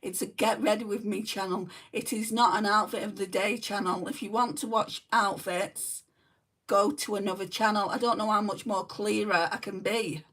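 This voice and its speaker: She goes through her makeup livestream in a relaxed, chatty way, greeting viewers by name and replying to their comments in a New Zealand accent. Her middle-pitched voice moves at a normal speed and sounds a little far from the mic, as though she's sitting back from a phone or camera indoors at home.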